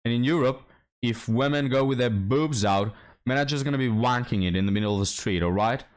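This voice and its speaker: A man's voice: medium pitch, a little fast. A young man hosting a reaction commentary, sarcastic and mocking, talking straight to his viewers. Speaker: commentary host.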